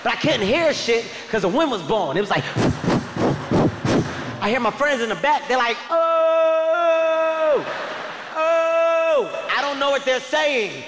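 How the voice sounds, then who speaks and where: High-voiced man shouting a comic story. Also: moderate pace. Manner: loud, shouting, profane and animated. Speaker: comedian. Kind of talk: stand-up storytelling. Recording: echoey hall reverb, faint noise.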